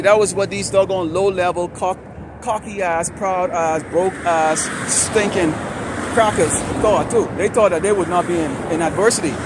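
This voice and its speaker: High-voiced man ranting over traffic. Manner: heated, ranting, profane. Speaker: street preacher. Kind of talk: street preaching to camera. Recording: outdoor traffic noise.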